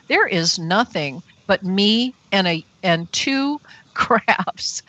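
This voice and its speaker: A woman's voice: mid-range voice, fairly bright tone, no room sound. A woman guest on a radio interview show, telling a personal story earnestly and breathlessly. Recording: dull, dry radio show audio.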